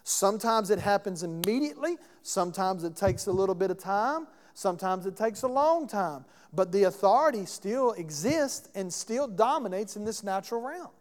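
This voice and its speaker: Speaking at a normal speed with hardly a pause, this pastor has a high-pitched voice and lively intonation. He delivers a sermon in a church sanctuary, narrating a story in a conversational way and asking the congregation questions, all under long hall reverb.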